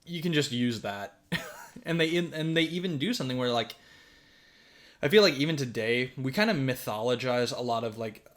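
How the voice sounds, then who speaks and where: A man's voice: medium pitch, animated, normal speed, a bit bright. A man hosting a podcast, recapping a film in a rambling, laughing, swear-heavy casual chat. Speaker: podcast host.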